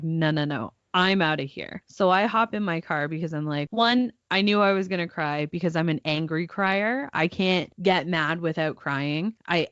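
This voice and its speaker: A woman's voice: low voice, clean tone, dry recording, highs cut off. A young mother co-hosting a podcast, telling a family story casually and acting out her child's voice. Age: young adult. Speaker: podcast co-host. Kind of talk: casual chat.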